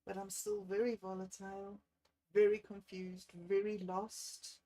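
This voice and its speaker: A woman, talking on a livestream about a bad day. She thinks aloud in a candid, self-deprecating way and sounds low and unwell. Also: flat delivery, unhurried, warm tone, low-quality recording. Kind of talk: rambling personal livestream.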